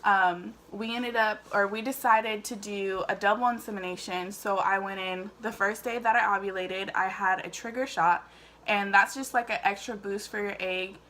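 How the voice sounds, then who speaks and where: A woman's voice: medium pitch, steady tone, normal speed, a bit bright, a little hiss or hum. A woman telling her own story casually to camera, chatty and full of fillers. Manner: chatty, emotional, many fillers. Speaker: vlogger.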